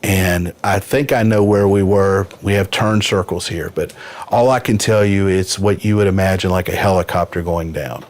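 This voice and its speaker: A man's voice: deep voice, fairly even intonation, normal speed, a little mellow. A man in his fifties telling a personal story as a podcast guest, earnest and vivid. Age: 50s. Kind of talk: personal story in a casual interview.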